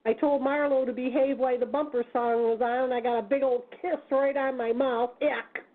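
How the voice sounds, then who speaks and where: A woman's voice: high-pitched, steady tone, moderate pace. A woman hosting a talk radio show in a chatty manner with homely asides. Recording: tinny phone-line sound.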